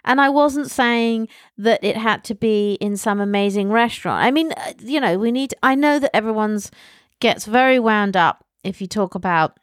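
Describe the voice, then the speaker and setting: A woman's voice: on the high side, normal speed, no room sound, clean studio sound. A woman co-hosting a podcast, chatting affectionately and telling stories full of asides. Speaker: podcast co-host. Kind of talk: casual chat.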